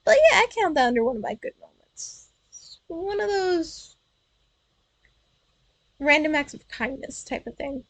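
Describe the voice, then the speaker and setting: Young woman streamer, high voice, casual self-correcting storyteller, dry close sound. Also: lively intonation, a little slow, pauses often, dry recording, rough recording. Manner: chatty, playful, self-correcting. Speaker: virtual streamer telling stories.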